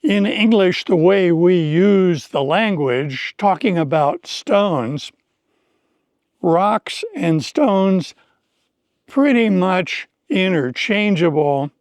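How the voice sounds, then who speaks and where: Man, slow deliberate teaching voice, slightly high, dry close sound, outdoor forest trail. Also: darkish tone, no echo. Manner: slow, deliberate, carefully explained speech. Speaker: English teacher. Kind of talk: slow, clear teaching narration on a hike.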